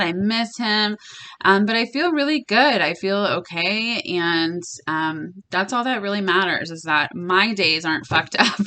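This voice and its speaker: A young woman chatting casually in a tarot reading vlog, blunt and quick to swear, laughing often. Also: mid-range voice, sharp tone. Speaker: tarot reader and vlogger.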